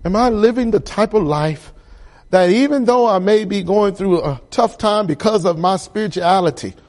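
A man preaching a sermon, building repeated phrases to loud emphatic peaks. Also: sits high, moderate pace. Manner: emphatic, repetitive cadence, rising to loud peaks.

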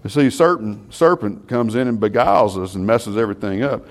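A man preaching to a Bible class, animated and full of rhetorical questions. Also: lowish voice, fairly quick.

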